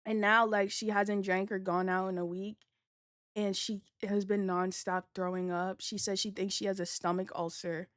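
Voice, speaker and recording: A young adult woman chats to her livestream viewers in a loose, slangy storytelling voice, cursing freely and laughing through it. Her pitch sits in an ordinary middle range. The sound is dry, with no room in it. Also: little pitch movement, normal speed, clear, resonant tone, dry recording. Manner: slangy, profane, laughing as she tells the story. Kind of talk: casual storytime chat with viewers.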